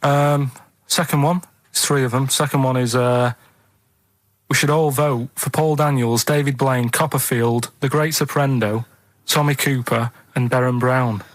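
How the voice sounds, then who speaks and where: A man talks on a radio show in a plodding, hesitant way. He keeps checking in with "right?" His voice sits at an ordinary middle pitch and comes through completely dry and close on a studio mic. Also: steady tone, a little slow, no echo, rough recording. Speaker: radio regular running a quiz segment. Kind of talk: casual radio banter.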